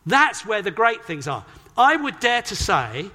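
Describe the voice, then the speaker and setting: A British man preaching a sermon in a church, emphatic and animated, acting out quoted voices as he explains a passage. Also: sits high, unhurried. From Britain. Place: church hall. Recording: long hall reverb.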